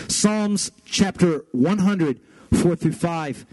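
A young man preaches to his congregation, moving between lively family stories and scripture. His voice sits a little high, and he plays out his toddler's words with bright, animated delivery. The sound is close and dry, with no room echo. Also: slow pace. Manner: animated storytelling, mimics his toddler son. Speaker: pastor. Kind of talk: sermon.

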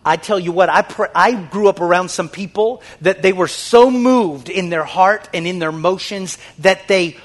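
High-voiced fervent preacher man. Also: normal speed, hardly any pauses. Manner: swings from hushed, near-whispered lines to loud shouted exhortation; fervent, repetitive, call-and-response preaching. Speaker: pastor. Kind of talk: sermon.

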